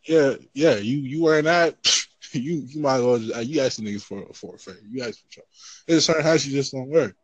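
A man from the Los Angeles area talks in loose, rambling casual chat, full of fillers. His voice sits at an ordinary male pitch and sounds dry and close to the mic. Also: quick pace, breathy edge, no room sound, dull audio. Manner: rambling, many fillers, laughs off his points.

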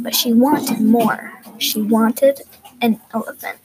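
Slow, careful woman reading a storybook. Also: a little high, noisy background. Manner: careful, expressive. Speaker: reader. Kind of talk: reading a picture book aloud. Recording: crowd chatter behind.

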